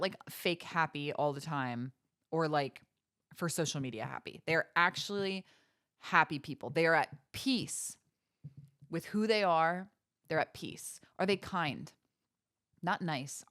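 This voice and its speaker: A woman's voice: low voice, animated, measured pace, fairly bright tone. A woman hosting a podcast, giving earnest, preachy motivational talk with faith references and many rhetorical questions. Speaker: podcast host.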